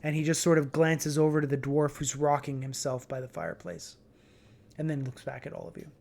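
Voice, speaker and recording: A man narrating as game master in a tabletop game, relaxed and hesitant, with many fillers. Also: on the high side, a little fast, vocal fry, slight background noise.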